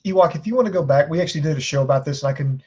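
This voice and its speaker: A man with a high, husky voice co-hosts a casual podcast chat. He talks in a laid-back way and reasons things through aloud. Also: racing, darkish tone. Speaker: co-host.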